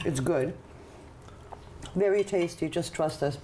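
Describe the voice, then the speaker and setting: Lowish, mellow-voiced cooking show hostess. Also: female voice, normal speed, slight background noise. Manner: chatty, enthusiastic, coaxing. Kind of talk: casual chat on a TV cooking show.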